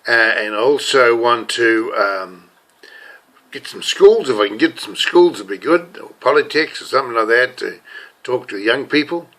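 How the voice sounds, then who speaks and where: Bright-voiced older New Zealand man rambling. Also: medium pitch, expressive, normal speed. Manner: rambling, many restarts and fillers. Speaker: self-styled preacher and video blogger. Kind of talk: rambling casual monologue to camera.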